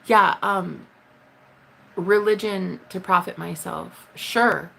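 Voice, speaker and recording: A woman chatting casually with her viewers on a live stream, blunt and swearing freely, with high excited bursts when she greets people. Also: moderate pace, vocal fry. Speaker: livestreamer.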